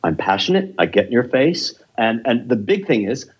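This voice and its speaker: A man talks through his years as an improv teacher with blunt, profane passion. His voice is husky and the recording sounds dull and lo-fi. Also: medium pitch, very animated, normal speed. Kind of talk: casual podcast interview.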